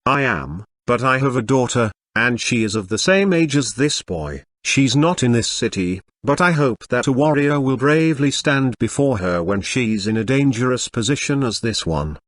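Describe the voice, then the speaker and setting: A brave middle-aged orc warrior and father from an audiobook , voiced by a synthetic male reader. The delivery is steady, the pitch lively, and the sound dry and close. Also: normal speed, dry recording, natural voice. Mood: resolute.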